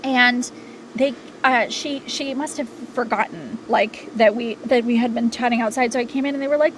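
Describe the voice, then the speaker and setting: Halting, candid young woman telling a story. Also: a little high, fairly even intonation, slight background noise, poor audio. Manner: halting, many filler words and restarts. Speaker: podcast guest. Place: home sound booth.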